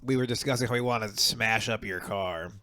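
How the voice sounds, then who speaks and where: A man's voice: lowish voice, a little fast, pushed and bright, clean tone, dry recording, studio quality. A man hosting a podcast in casual comedic banter, joking, swearing freely and laughing through his lines. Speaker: podcast host.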